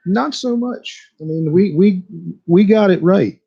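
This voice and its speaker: A man, a guest musician on a radio show, talking in a relaxed, easygoing way. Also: sits high, unhurried, creaky, breathy edge. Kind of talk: casual radio interview. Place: radio studio. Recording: dull lo-fi radio broadcast.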